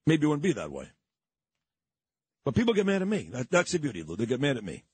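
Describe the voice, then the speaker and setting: A man's voice: mid-range voice, huge pitch swings, quick pace, darkish tone, husky, dry recording. A man with a New York accent hosting a morning radio talk show, ranting in a combative, indignant way and repeating his points. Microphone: studio microphone.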